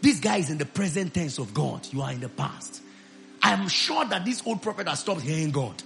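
A male pastor preaching a sermon to his church, rising into loud shouted declarations of prayer. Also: a little high, animated, fairly quick, vocal fry, faint music behind.

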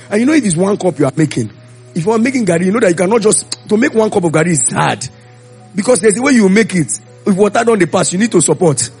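A man preaching a sermon, telling Bible stories and acting out the voices of the people in them. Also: high-pitched. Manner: animated storytelling, acting out voices.

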